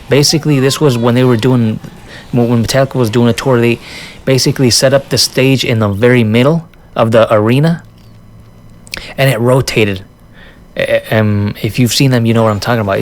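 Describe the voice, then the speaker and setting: A man vlogger telling a casual story in an animated way, often laughing and acting out what people said. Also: medium pitch, slight background noise. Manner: restarts and fillers, says dude.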